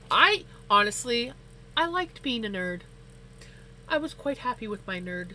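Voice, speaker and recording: A woman hosting a casual livestream, chatting while she knits and telling stories with lots of laughter. Her voice shoots up high when she gets excited. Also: a little slow, a little hiss or hum, poor audio. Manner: animated storyteller, laughs often, voice climbs high when excited. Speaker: livestream host. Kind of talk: casual chat while knitting on stream.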